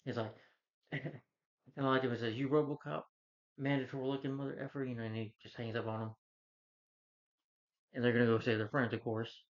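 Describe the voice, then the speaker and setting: A man's voice: medium pitch, level tone, moderate pace, long pauses. A man at home recapping a film's plot in a loose, rambling way, full of "you know" and restarts. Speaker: movie reviewer. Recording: dull lo-fi sound.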